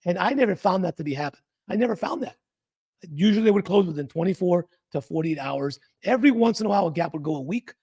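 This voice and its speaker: Hosting a trading channel, this man talks through charts in an animated, emphatic, casual way, often posing rhetorical questions. His voice sits high, with vocal fry and a slightly rough texture.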